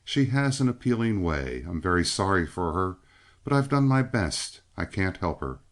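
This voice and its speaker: A man's voice: low voice, sing-song, normal speed. A man voicing a proud, touchy small red-headed gunman in a western audiobook, speaking in a clipped, cool way. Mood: earnest. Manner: clipped, cool, through the teeth.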